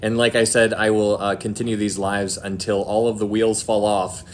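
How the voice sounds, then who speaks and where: A man's voice: on the low side, flat delivery, moderate pace, a little hiss or hum. A man hosting a Christian live stream, chatting casually, laughing often and reading viewer comments aloud, earnest when talking about faith. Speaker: Christian livestream host. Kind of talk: casual livestream chat.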